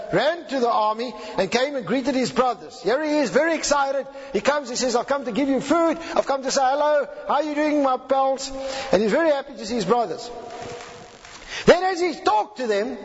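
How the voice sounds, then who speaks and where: A man preaching a sermon, retelling a scripture story in a lively way and acting out the quotes. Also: extremely high pitch. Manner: animated, lively paraphrasing with acted-out quotes. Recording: echoey hall, dull lo-fi sound.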